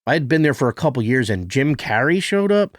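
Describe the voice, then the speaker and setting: A man's voice: mid-range voice, a little fast, no echo, studio quality. A man in his forties, a guest telling stories casually and animatedly, full of fillers and acted-out voices. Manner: animated, acts out voices in anecdotes, many fillers. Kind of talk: casual interview storytelling.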